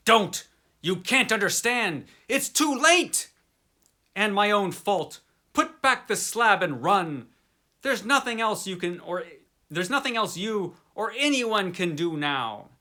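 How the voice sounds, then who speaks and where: A man voicing a terrified young man trapped underground, shouting frantic warnings in a high strained voice. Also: very animated, slow, exaggerated voice.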